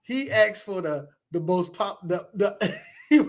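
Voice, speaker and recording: A man co-hosting a podcast, chatting casually and animatedly, laughing often and breaking into loud bits. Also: sits high, lively intonation, takes it slowly. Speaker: podcast co-host. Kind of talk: casual chat.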